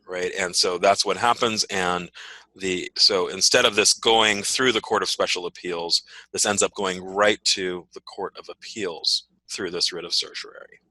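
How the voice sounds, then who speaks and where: Low-voiced, bright male law professor. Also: fairly even intonation, moderate pace, poor audio. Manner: frequent "right?" checks and fillers. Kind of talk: teaching a class discussion.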